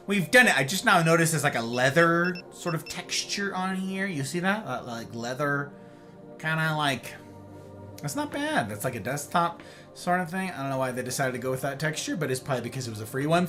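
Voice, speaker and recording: A man's voice: fairly high pitch, big pitch swings, moderate pace, bright, forceful tone, soft background music. A man casually commentating a video game live, playful and chatty, greeting his viewers. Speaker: game streamer.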